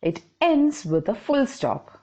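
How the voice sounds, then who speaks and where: Slow, patient woman teaching grammar. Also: a little high, big pitch swings, warm tone. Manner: patient, explaining, checks in with okay. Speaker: English teacher. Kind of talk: grammar lesson.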